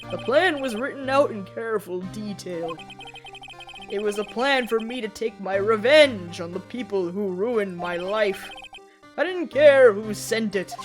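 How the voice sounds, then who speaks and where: A woman voicing a bitter older man, a former court bailiff, who gives a grim, flat confession in a game read-along. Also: medium pitch, a little slow, faint music behind, close to an everyday voice.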